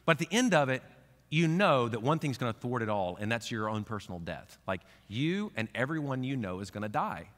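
A male pastor preaching to his congregation in a plain, mid-pitched voice. He talks conversationally and moves between hushed, tender passages and fervent, climbing emphasis. His voice rings with a long reverb from the church sanctuary. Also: big pitch swings, a little fast. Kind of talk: sermon.

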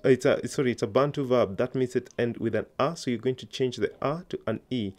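A man's voice: medium pitch, a little fast, few pauses, darkish tone. A man teaching an online language lesson, patiently coaxing learners to answer aloud.

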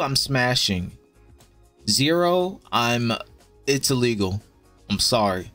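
A young man streaming and chatting with his viewers in a blunt, profane way, giving quick verdicts with plenty of casual swearing. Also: medium pitch, animated, a bit bright, faint music behind. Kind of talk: casual live-stream commentary.

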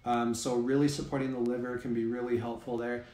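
A man, a health practitioner guest, explaining things in a measured, casual way. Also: mid-range voice, level tone, dark tone, echoey room.

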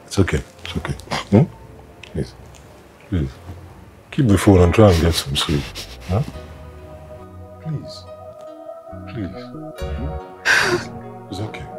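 Consoling husband, animated pitch, soft background music. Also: male voice, slow pace, pauses often, heavily acted. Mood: reassuring. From Nigeria. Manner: soothing, pleading, reassuring. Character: comforting husband of a grieving wife. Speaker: actor in a film. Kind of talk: film drama acting.

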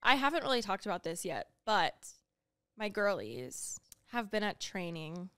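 A woman's voice: measured pace, smooth, no room sound, studio quality. A young woman co-hosting a podcast, chatting casually and telling stories with lots of acted-out quotes. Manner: animated storyteller, acts out quotes with big pitch jumps. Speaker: podcast co-host. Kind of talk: casual chat.

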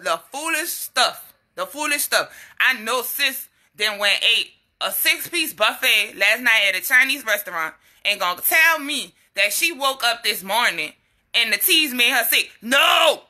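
A young woman, talking bluntly and casually to her followers, animated and quick to laugh. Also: a little high. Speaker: herbal health vlogger. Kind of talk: casual straight-talking live chat.

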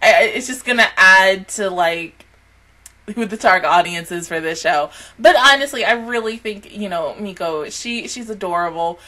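A young woman giving a casual anime reaction review, chatty, laughing often and squealing high when excited. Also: normal speed.

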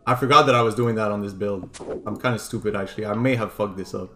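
A young man streaming a game live, excitable and swearing, swinging from loud cheers to annoyed muttering. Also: fairly low pitch, fast, music in the background. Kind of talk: live gameplay commentary.

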